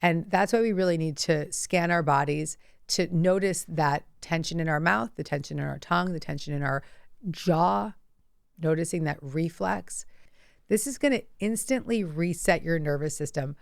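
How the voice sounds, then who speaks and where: A woman teaching guided relaxation, coaching softly and slowly with breath cues. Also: low-pitched, gravelly, clean tone, dry recording, studio quality. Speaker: self-help teacher.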